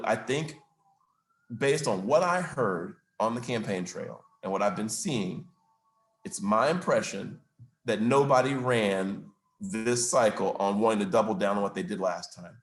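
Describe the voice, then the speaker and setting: A man's voice: lowish voice, a little slow. A man speaking as a city mayor at a business event, answering questions in an emphatic, argumentative way and stressing facts and figures. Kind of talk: public Q&A answer. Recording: roomy, echoey room.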